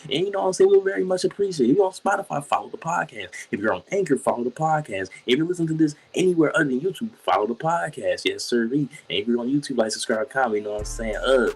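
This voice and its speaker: A young man co-hosting a podcast, talking in animated, slangy casual chat. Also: mid-range voice, fast, few pauses, breathy edge. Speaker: podcast co-host. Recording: light background music.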